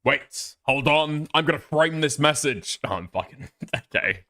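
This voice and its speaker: Guy streaming live, bright sharp voice, swearing and fed up with the drama. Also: on the high side, lively intonation, measured pace. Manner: profane, exasperated, laughing asides. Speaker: streamer reacting to a clip. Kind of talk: casual live-stream commentary.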